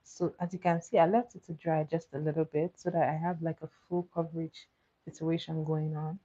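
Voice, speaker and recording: A makeup livestream host speaks a little fast in a low-pitched, warm voice with a level tone. She chats casually with her live audience while doing her makeup, answering comments and laughing often. The recording is slightly muffled and dull.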